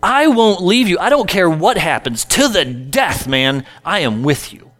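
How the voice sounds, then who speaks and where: A preacher putting on a brash, eager apostle. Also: male voice, high-pitched, very animated, unhurried, a bit bright, soft background music, full character voice. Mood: insistent. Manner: pleading, slangy and emphatic. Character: eager impulsive male apostle, brash and loyal.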